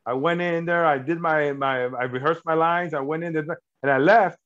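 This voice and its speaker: A middle-aged filmmaker talks in a casual interview, earnest and meandering, full of fillers and restarts. His voice sits a little high. The audio is dull and lo-fi. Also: steady tone, moderate pace, fairly bright tone. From United States. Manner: earnest, rambling with many fillers and restarts, laughs at himself. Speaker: filmmaker and actor.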